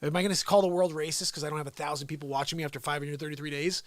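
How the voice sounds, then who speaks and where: Man, livestream host, high lively voice, sarcastic rant, dry close sound. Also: rapid-fire, dry recording. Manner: animated, ranting, sarcastic. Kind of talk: unscripted political rant. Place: home.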